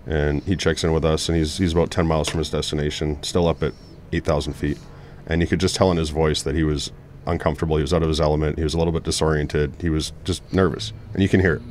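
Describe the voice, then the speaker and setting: A man's voice: extremely low pitch, little pitch movement, fast talker, darkish tone. A middle-aged man, an air traffic controller, telling stories earnestly in a casual panel talk. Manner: earnest, storytelling with many restarts.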